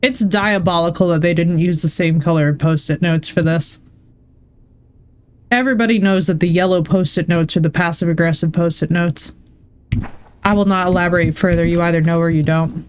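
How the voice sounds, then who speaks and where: Her voice is lowish, clear and resonant, with a steady tone at normal speed. A woman streamer, she gabs casually as she plays, drifting through stories and swearing freely.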